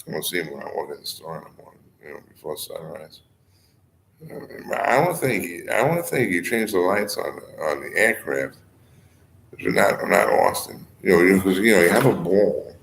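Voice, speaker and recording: A low-voiced man rambles on in a loose monologue, wandering from one thought to the next and padding it with "you know" and "I mean." He chuckles here and there. His voice rings in an echoey room over a faint hum of ambient noise. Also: big pitch swings, moderate pace, vocal fry, fairly bright tone. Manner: digressive, fills speech with "you know" and "I mean", chuckles often.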